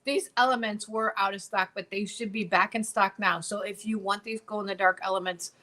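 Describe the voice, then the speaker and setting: A woman hosts a relaxed craft demonstration in a mid-range voice. She is bubbly and chatty and tends to repeat her phrases as she shows each piece. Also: mid-range voice, brisk, low-quality recording. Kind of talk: casual craft tutorial.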